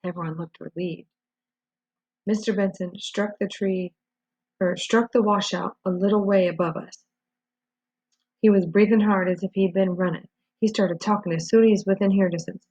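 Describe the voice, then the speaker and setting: A woman's voice: mid-range voice, fairly even intonation, moderate pace, long pauses, dark tone, breathy edge, no echo. A woman reading a novel aloud, telling the story steadily with small slips and restarts. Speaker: reader. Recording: dull lo-fi recording.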